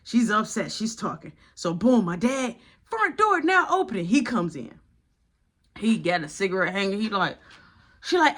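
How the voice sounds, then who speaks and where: An animated man retells a story in a casual, slangy, dramatic way. His voice sits fairly high and sounds bright. He talks like he is spilling the tea to friends. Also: normal speed.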